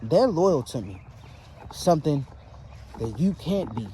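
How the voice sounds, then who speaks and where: A man voicing a scorned, vengeful wife who speaks slowly and menacingly to her cheating husband. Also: a little high, big pitch swings, warm tone, slight background noise. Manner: slow, taunting and sinister.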